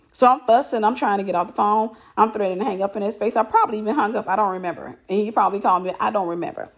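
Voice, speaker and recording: A woman telling a personal story in casual chat, animated and repeating herself for emphasis. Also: mid-range voice, gravelly, slightly rough.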